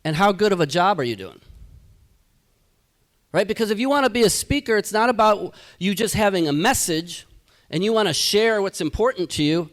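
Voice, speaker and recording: A man giving a live keynote to an audience as a motivational speaker, energetic and rhetorical, tagging his points with "right?". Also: sits high, normal speed. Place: event hall.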